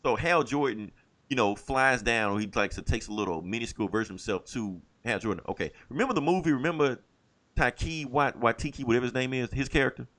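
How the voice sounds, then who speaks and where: Male podcast co-host, loose and profane, very expressive pitch, telling comic plots with relish. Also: fast. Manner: animated storytelling, swears freely, laughs often. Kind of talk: casual comic book review chat.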